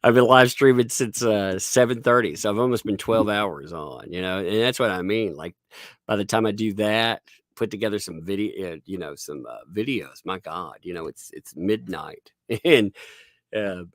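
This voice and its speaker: With clean studio sound and no echo, a man with a fairly low voice hosts a casual livestream at a moderate pace. He rambles and laughs while thanking viewers and reading the chat.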